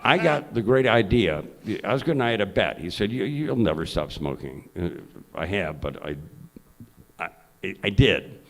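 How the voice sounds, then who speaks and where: Low-voiced older man spinning salty anecdotes. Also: moderate pace. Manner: lively raconteur, salty language. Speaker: honored guest, journalist. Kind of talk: live anecdotal storytelling on stage. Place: event hall before an audience.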